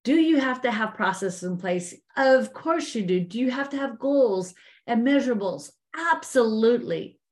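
Middle-aged woman, business coach, faith-based leadership talk, earnest and lively, slightly high voice. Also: moderate pace. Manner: earnest, animated, addresses listeners as ladies. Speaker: business coach teaching women.

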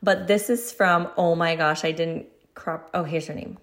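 A woman's voice: on the low side, steady tone, normal speed, gravelly, few pauses. Chatty young mother hosting a podcast. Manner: chatty, earnest and encouraging, many fillers. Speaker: podcast host. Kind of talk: solo podcast chat.

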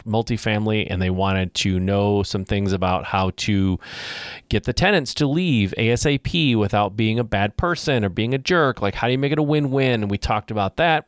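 A man's voice: fairly low pitch, no room sound, clean studio sound. A man hosting a live podcast Q and A, talking casually with many fillers and some self-mocking jokes. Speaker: podcast host.

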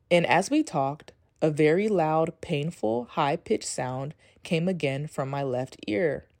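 A woman's voice: low voice, dark tone, no echo, studio quality. A young woman hosting a podcast, chatting casually and reading from her old journal, swearing freely and saying "like" a lot. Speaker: podcast host. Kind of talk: casual personal storytelling, reading journal entries.

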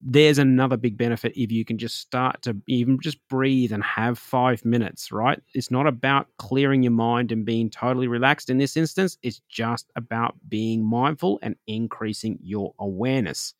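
A man talks one-on-one to his podcast audience about meditation, earnest and chatty, with a middle-pitched voice. He keeps checking in with the listener and works through everyday examples. The recording is close and very dry, with no room sound. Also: normal speed, few pauses, no room sound. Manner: conversational and earnest, often checking in with "right?". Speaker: podcast host teaching meditation and intuition. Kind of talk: solo podcast talk.

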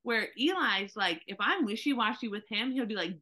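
A woman co-hosting a casual conversation, telling animated stories and acting out what people said. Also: fairly high pitch, moderate pace. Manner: animated storyteller, acts out quotes.

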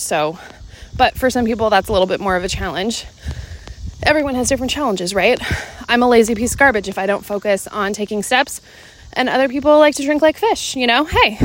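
A woman from Seattle hosting her fitness podcast while walking outdoors in the evening. She talks in a rambling, chatty way with many fillers and is slightly out of breath. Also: fairly high pitch. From Seattle, Washington, USA. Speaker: podcast host and fitness coach. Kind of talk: casual solo podcast chat.

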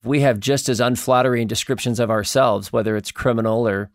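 A male podcast host talks in a reflective, halting way, restarting his sentences as he works toward a question. His voice is mid-low and recorded dry and close. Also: steady tone, dry recording. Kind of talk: casual interview chat.

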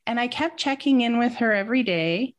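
A woman's voice: a little high, expressive, a little fast. A woman talking as a guest in a casual interview, telling a personal story in an earnest, reflective way.

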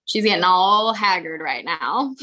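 Bright-voiced woman chatting casually. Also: mid-range voice. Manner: candid, swearing, chatty with many fillers. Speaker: podcast co-host and horse trainer. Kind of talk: casual chat.

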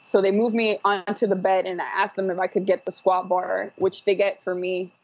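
A woman's voice: medium pitch, flat delivery, moderate pace, no room sound. A woman telling her own story as a podcast guest, rambling with fillers and restarts. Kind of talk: casual personal storytelling. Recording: dull, dry podcast audio.

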